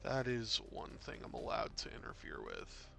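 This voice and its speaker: A tired man commentating a tabletop game on his stream, talking in a relaxed, rambling way with frequent fillers. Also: medium pitch, normal speed, creaky, soft background music.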